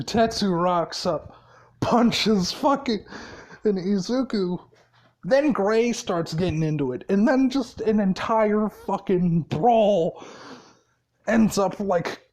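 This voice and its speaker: A tired man retells a fan story off the cuff. He talks slowly and drawls, pausing on fillers. He swears freely as he rambles along. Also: high voice, a little mellow. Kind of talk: casual unscripted story retelling.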